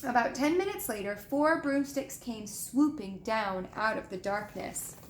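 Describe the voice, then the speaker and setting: A woman reading a children's book aloud with gentle, expressive storytelling and showing the pictures. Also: on the high side, unhurried, a little hiss or hum. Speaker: reader. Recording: echoey room with faint ambience.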